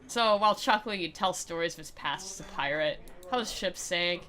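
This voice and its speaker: A woman's voice: on the low side, moderate pace, bright, forceful tone. A young woman streaming a dramatic reading of a visual novel, mixing narration with sarcastic jokes and replies to chat. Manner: sarcastic, joking running commentary.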